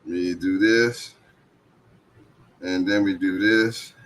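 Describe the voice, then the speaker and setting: A man's voice: deep voice, fairly even intonation, slow, fairly bright tone. A man hosting a livestream, chatting casually and reading viewer comments aloud with a laid-back, slangy manner. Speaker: livestream host.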